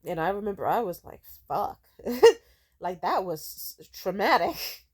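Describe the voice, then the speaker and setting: A young woman vents straight to camera in a loose, sarcastic rant. Her talk is loaded with fillers, and she mocks the comments she quotes. Her pitch sits in a middle range for a woman. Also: sing-song, measured pace, darkish tone, breathy edge. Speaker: video creator.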